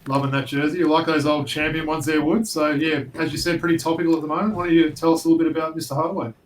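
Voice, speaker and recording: Fast, chatty man in an echoey room. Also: a little high, little pitch movement. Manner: fast, chatty, sprinkles in mate and yeah. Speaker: podcast co-host. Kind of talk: casual sports chat. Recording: echoey room, distant mic, faint hiss.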